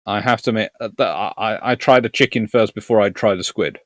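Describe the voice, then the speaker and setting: Here the Surrey-born host, southern English in accent, chats casually through comments during a history live stream, chuckling and rambling along. His pitch is fairly low and his speed normal. Studio-quality sound with no echo.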